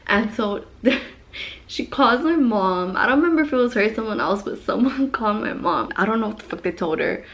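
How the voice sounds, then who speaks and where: A young woman vlogger telling a story in a casual, animated way, swearing a lot and rambling into asides. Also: medium pitch, moderate pace.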